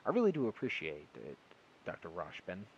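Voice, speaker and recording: A man's voice: sits low, huge pitch swings, brisk, slightly rough, highs cut off, heavily acted. A man reading the lines of an eager, curious young male graduate student in an audiobook. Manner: curious, persistent questioning.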